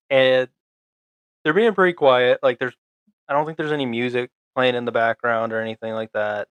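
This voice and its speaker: A young man co-hosting a podcast, recapping a show in a halting, rambling way full of fillers and restarts. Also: medium pitch, a bit bright, clear, resonant tone, no echo. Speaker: podcast co-host.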